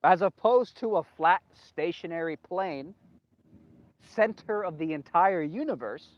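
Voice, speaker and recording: A man's voice: high voice, animated, a little slow, dry recording. A man hosting a solo video monologue, rambling, repeating himself emphatically and losing his train of thought. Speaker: video host. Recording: dull lo-fi, dry sound.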